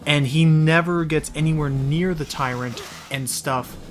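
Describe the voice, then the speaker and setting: A man's voice: fairly high pitch, unhurried, soft background music. A man hosting a casual game commentary, rambling through his points with restarts and asides. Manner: rambling, talks in restarts, says "hear me out". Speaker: commentary host.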